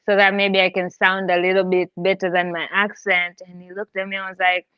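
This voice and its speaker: A woman's voice: lowish voice, level tone, fairly quick, clear, resonant tone, dry recording, highs cut off. A woman with a mixed accent talks bluntly on a podcast panel and swears freely. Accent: mixed international accent. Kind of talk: casual panel chat.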